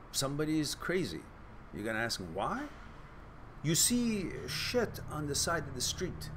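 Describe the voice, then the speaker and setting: A man hosting a Q&A advice talk, blunt, profane and animated. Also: a little high, background noise. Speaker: host and author giving advice.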